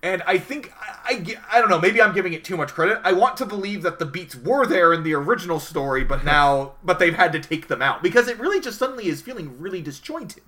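A man's voice: high voice, lively intonation, fast, few pauses, bright, forceful tone. A man co-hosting a casual review podcast, talking in a rambling, hesitant way with many fillers. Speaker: podcast co-host. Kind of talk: casual anime review chat.

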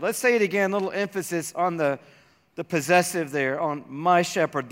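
A man preaching a sermon as a pastor, slowing down and dropping almost to a hush to stress his points. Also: fairly high pitch. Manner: slows down and drops to near-whispers for emphasis. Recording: reverberant hall.

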